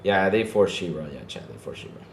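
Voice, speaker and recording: Excitable male streamer in an echoey room. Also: sits low, a little fast, gravelly, slight background noise. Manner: excitable, repeats himself, talks to chat. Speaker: podcast host streaming to chat. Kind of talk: casual livestream chat.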